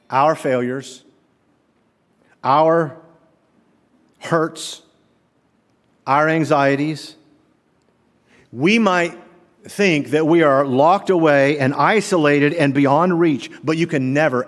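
A middle-aged man preaching a sermon as pastor, animated, asking the congregation rhetorical questions. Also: medium pitch. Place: church sanctuary. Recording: long reverb of a large hall.

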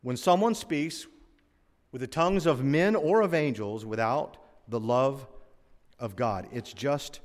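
A man's voice: mid-range voice, unhurried. Male preacher, conversational and wry, recorded in a reverberant sanctuary. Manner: conversational preaching with asides and humor. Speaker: pastor. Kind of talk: sermon. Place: church sanctuary. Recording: long hall reverb.

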